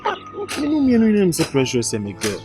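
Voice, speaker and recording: Man doing high, lively Ghanaian young guy, begging his friend, music under. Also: fast talker. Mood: pleading. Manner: pleading, repeats his friend's name. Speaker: comedy sketch actor. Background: background music.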